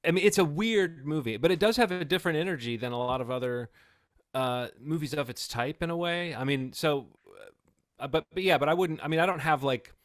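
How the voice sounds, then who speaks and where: A man's voice: a little high, brisk, dry recording. Reflective man in his forties, dry sound. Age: 40s. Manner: thoughtful, reflective, many restarts. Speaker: podcast co-host. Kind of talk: casual film review chat.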